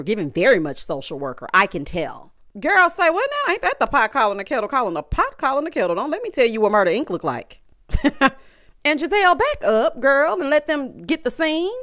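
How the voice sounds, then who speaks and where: Sassy animated woman recapping TV. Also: on the high side. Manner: sassy, animated, mimics cast members in quoted voices. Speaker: recap commentator. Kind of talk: casual reality-show recap commentary.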